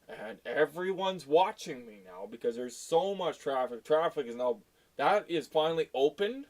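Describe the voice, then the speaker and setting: A blunt, foul-mouthed man in middle age tells a long story from his work as a tow truck driver. His voice sits at an ordinary medium pitch, and he sounds fed up and exasperated throughout. He is from Canada. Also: expressive, measured pace. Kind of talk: casual storytelling rant.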